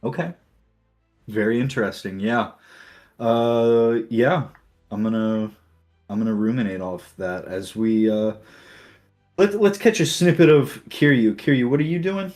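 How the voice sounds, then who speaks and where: Man, game master, relaxed narration, faint music. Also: mid-range voice, measured pace, pauses often.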